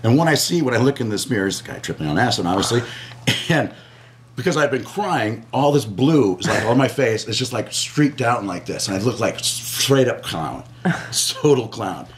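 A man telling an animated personal anecdote as an interview guest, acting out screams and quoted lines. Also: mid-range voice, moderate pace, slight background noise. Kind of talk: storytelling anecdote.

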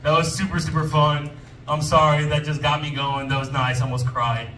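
A man's voice: on the high side, little pitch movement, brisk, bright, forceful tone, a little hiss or hum. A man doing a loose, teasing, profane stand-up set on a club stage. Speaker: comedian. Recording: roomy distant club sound with music and crowd.

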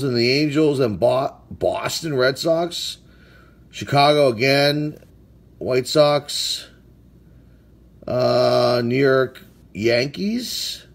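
A man opening packs of baseball cards, casually reading out player names and sometimes stumbling over hard ones. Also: medium pitch. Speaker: sports card collector opening packs. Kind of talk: casual card-break commentary.

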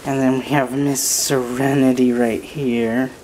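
A woman breeder introducing puppies one by one in slow, sing-song puppy talk. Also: extremely low pitch, level tone, warm tone, a little hiss or hum. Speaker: dog breeder. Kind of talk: casual vlog narration.

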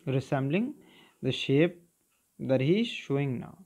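A man, teaching a children's lesson, who keeps asking "okay?" and "clear?". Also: mid-range voice, animated, unhurried, darkish tone. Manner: repetitive, checking understanding with "clear?" and "okay?". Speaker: English teacher. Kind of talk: recorded primary school lesson.

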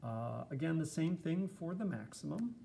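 A man's voice: fairly high pitch, animated, moderate pace, vocal fry, warm tone, a little hiss or hum. A man giving a casual, chatty screencast lesson, explaining step by step with fillers. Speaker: teacher.

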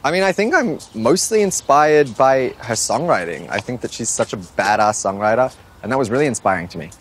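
A young Australian man in his twenties answers interview questions outdoors at a home, relaxed, playful and self-deprecating. His voice is mid-range and his delivery brisk, with slight background noise.

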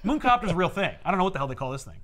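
A young adult man casually recapping a comic story, animated and jumping into quick character voices. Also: high voice, slight background noise. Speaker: podcast host recapping comics.

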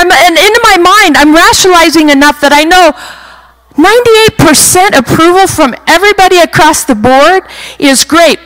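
A middle-aged woman speaker at a women's retreat, telling a personal testimony in an animated storytelling way. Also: sits high, poor audio. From western United States. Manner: animated storytelling, acts out her own panic.

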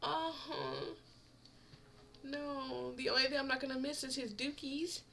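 A woman's voice: sits high, expressive, unhurried, creaky, a bit bright, slight background noise. A young woman commenting casually on a game she is playing, emotional, often laughing and getting teary. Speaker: let's player.

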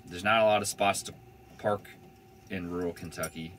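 A man's voice: deep voice, fairly even intonation, normal speed, a bit bright, a little hiss or hum. A young man telling a van-life story in a casual, rambling way, full of fillers and swearing. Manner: rambling, laid-back, swears freely, many "like" fillers.

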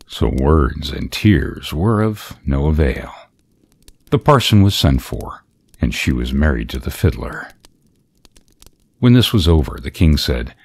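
Very deep, husky, slow male storyteller. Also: expressive, a little mellow. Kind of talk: slow, soft fairy-tale narration.

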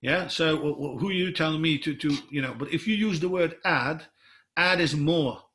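Speaking at a moderate pace in a fairly high, fairly bright voice, this middle-aged coach from the Netherlands, a native Dutch speaker, presents to other football coaches. His explanatory talk is full of restarts and retold dialogue.

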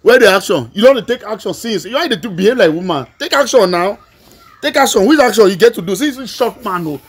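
A man's voice: high-pitched, lively intonation, quick pace, husky, no echo. A man playing a defiant young Nigerian idler. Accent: Nigerian Pidgin. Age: young adult. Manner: dismissive, combative. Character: idle defiant young man shirking responsibility. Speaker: actor in a comedy skit. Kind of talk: skit acting.

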